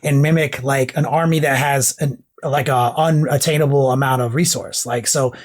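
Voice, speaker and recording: A man's voice: mid-range voice, fairly even intonation, moderate pace. A man co-hosting a casual podcast, rambling, swearing and getting hyped. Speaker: podcast co-host.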